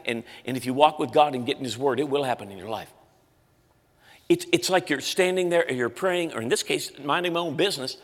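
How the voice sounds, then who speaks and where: Man preacher, bright tone, lively storyteller, echoey church hall. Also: medium pitch. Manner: animated storyteller, acts out voices. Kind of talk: storytelling sermon.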